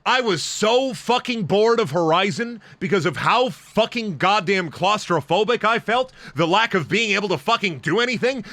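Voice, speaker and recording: A man's voice: sits high, pushed and bright, no echo. A young man streaming, ranting emphatically and swearing heavily in casual talk.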